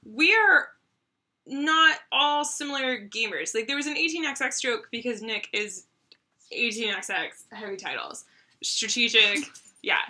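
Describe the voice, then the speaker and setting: A young woman hosting a casual board game review, chatty and quick to giggle. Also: a little high, pushed and bright. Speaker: host.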